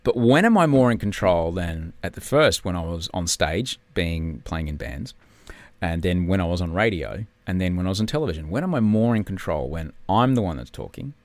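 Man, candid and subdued, swinging pitch, dry sound. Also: very animated, a little fast, no echo. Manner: candid, swearing, drops to a whisper at times. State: subdued, in pain after surgery. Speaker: podcast guest, TV host. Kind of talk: casual chat.

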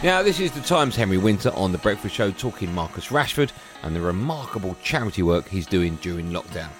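A low-voiced male radio host who swings his pitch around a lot, introducing clips with jokey asides. Faint music plays under him. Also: very animated, a little fast. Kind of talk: casual chat introducing clips.

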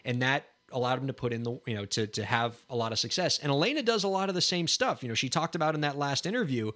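A male podcast co-host in casual chat, relaxed and thoughtful as he talks things through. His voice sits at an ordinary middle pitch for a man. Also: quick pace.

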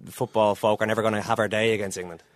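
A man interviewing a guest, feeling his way through halting questions. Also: on the low side, flat delivery, dry recording, clean studio sound. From Ireland. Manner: searching, stammering questions.

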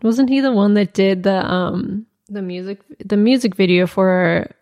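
A woman hosting a podcast in casual chat, playful and jokey, quick to laugh. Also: medium pitch, darkish tone. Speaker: podcast host.

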